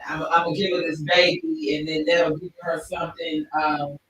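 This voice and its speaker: A woman hosting a casual livestream chat show, telling stories in an animated, expressive way. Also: deep voice, normal speed. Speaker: talk show host. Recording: echoey room, distant mic.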